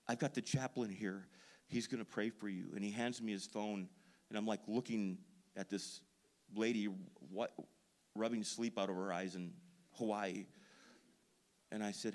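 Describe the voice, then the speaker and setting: A pastor's sermon from a man who talks in a fairly low voice. He tells stories about himself with a self-deprecating streak and lets the emphasis build loud. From Duluth, Minnesota. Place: church sanctuary.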